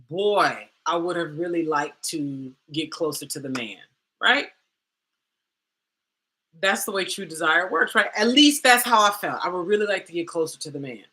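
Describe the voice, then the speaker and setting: A woman coach telling a candid personal story, animated and dramatic, with slangy asides like "girl" and "baby". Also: fairly low pitch, measured pace. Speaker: coach and host.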